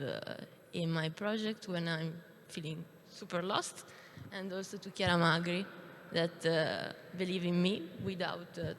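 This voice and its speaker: A young woman presents her film project from a stage, nervous and full of hesitations. She talks slowly, and a long hall reverb trails her voice. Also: lowish voice, a little hiss or hum. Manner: hesitant, many fillers, halting. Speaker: animation student presenter.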